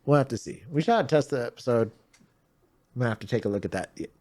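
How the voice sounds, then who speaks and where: A man's voice: mid-range voice, lively intonation, fast talker, darkish tone. A man hosting a podcast in casual chat, easygoing and laughing often. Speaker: podcast host.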